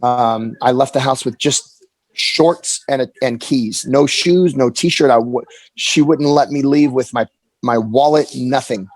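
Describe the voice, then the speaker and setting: A man in his forties, appearing as an interview guest, shares a candid personal story in an earnest, halting way and keeps restarting his sentences. His pitch is medium, and the recording is dry and rough.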